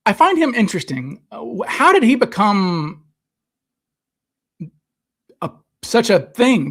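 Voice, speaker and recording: A high-pitched, very animated man speaks a little slowly and pauses often while hosting a live stream. He chats casually in a rambling way, reading out viewers' comments and answering them into a desk microphone that he sometimes gets too close to.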